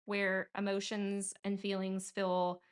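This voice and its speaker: A woman's voice: mid-range voice, monotone, slow, clean tone. A woman from California co-hosting a casual podcast conversation, explaining ideas earnestly and acting out quotes in a raised voice. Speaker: podcast co-host and coach.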